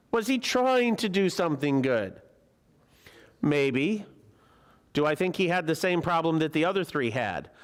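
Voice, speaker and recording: A man's voice: fairly high pitch, clean tone. A male preacher teaching a Bible lesson in a church in a chatty, joking way, often putting questions to the congregation. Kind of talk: conversational sermon. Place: church sanctuary.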